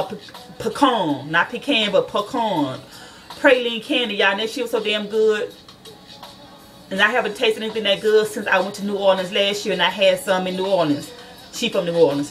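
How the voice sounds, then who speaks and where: A woman's voice: mid-range voice, fairly bright tone, distant mic. A woman who is a nail school student chats casually to her viewers from her car, swearing freely and calling them y'all.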